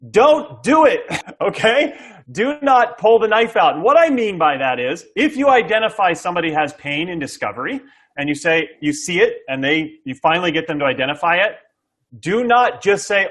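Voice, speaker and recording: A middle-aged man with a high, sing-song voice and a fairly bright tone speaks at a moderate pace about sales tactics. As a guest SaaS sales coach, he explains things to an interviewer with energy, acting out buyers and repeatedly asking "okay?".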